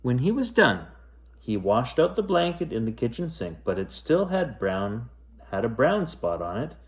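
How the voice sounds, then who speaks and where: A man's voice: medium pitch, normal speed. A man reading a children's picture book aloud as a bedtime story. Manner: expressive, lilting.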